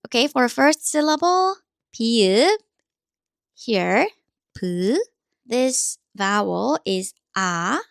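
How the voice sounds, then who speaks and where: A woman with a Korean accent teaching the Korean alphabet, speaking slowly and repeating each sound patiently for learners. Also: on the high side, vocal fry, no echo, clean studio sound. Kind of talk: slow, deliberate teaching.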